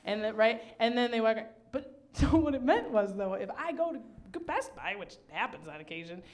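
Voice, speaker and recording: Higher-voiced woman hosting a chatty interview. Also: expressive, moderate pace, darkish tone. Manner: chatty, enthusiastic, acts out quotes. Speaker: host. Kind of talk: casual interview chat. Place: outdoor live show at an RV park.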